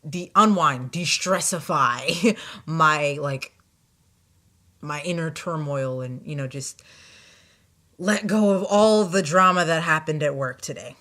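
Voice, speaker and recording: A young woman with a bright, clear voice tells a story from her day in an animated, exasperated way. She keeps slipping into the voices of the people she met. It is casual vlog storytelling. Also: deep voice, takes it slowly. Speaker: vlogger.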